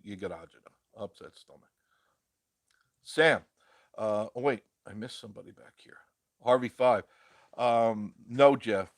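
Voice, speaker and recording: A man with a lowish voice hosts a relaxed live stream, reading out viewer comments and answering them in a chatty, meandering way. He laughs easily as he talks. The sound is dry and close, with no room echo. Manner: chatty, rambling, laughs often. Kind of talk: casual live-stream chat.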